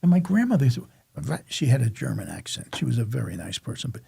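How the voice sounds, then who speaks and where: This older Staten Island man has a medium-pitched, mellow, husky voice with vocal fry, big pitch swings, and a quick pace. Chatting casually on a podcast, he rambles through a story about his childhood, repeatedly breaking off and restarting.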